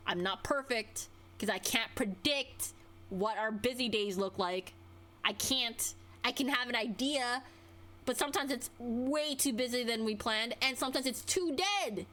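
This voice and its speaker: A woman's voice: unhurried, bright, forceful tone. A young adult woman streamer ranting casually, exasperated, her voice swinging up and down as she vents. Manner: exasperated, venting, with wide pitch swings.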